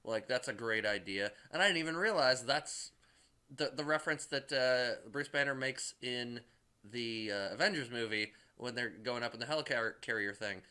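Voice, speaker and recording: A man recaps a movie in a loose, rambling way, with plenty of filler and profanity. His voice is bright and edged, sitting at a middling pitch. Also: moderate pace, clear, resonant tone. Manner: rambling, heavy on "like" and swearing. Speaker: movie reviewer.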